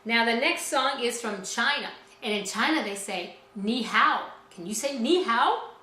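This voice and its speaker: Upbeat woman teacher leading kids' music class, highish bright voice, roomy echo. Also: animated, unhurried. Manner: cheerful, encouraging, speaks to children directly. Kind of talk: children's music lesson.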